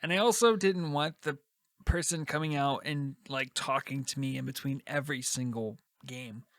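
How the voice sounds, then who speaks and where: A man's voice: mid-range voice, normal speed, a bit bright, dry recording, clean studio sound. Wry man in casual podcast chat. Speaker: podcast co-host.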